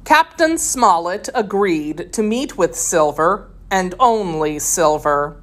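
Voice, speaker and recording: Woman narrator for a kids' adventure read-aloud; slow, steady, expressive. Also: lowish voice. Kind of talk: reading a children's story aloud.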